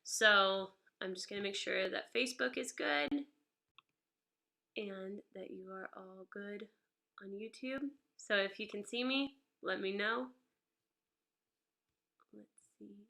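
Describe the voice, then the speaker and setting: A woman's voice: medium pitch, slow pace, gravelly, long pauses, bright, forceful tone. A woman with a stuffy nose giving a chatty, upbeat live-streamed guitar lesson. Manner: chatty and upbeat, greeting viewers by name. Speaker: guitar teacher. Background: guitar playing.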